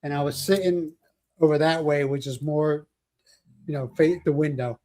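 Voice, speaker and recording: A man's voice: on the high side, steady tone, normal speed, warm tone. Joking older man rambling live. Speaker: livestream host. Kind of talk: casual live chat.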